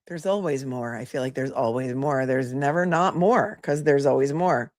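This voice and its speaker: A woman's voice: a bass voice, moderate pace, a little mellow, no room sound, clean studio sound. A woman with a Boston accent hosting commentary on a court hearing, sarcastic and full of rhetorical questions. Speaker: host.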